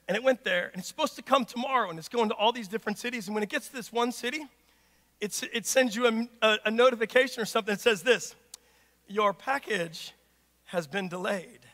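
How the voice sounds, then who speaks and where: A man, a pastor, preaching a sermon with call-and-response, swinging from shouted lines to hushed passages. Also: high voice. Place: church sanctuary. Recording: long church reverb.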